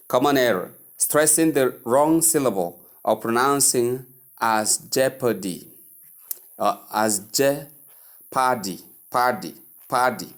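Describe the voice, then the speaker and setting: A man teaching English pronunciation, repeating each word slowly and drilling it several times. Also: medium pitch. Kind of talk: pronunciation lesson.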